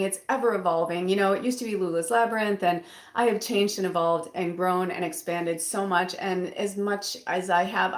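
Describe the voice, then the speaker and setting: A woman tarot reader chatting casually from her bedroom, rambling with fillers and restarts. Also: mid-range voice. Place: bedroom at home. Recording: roomy echo.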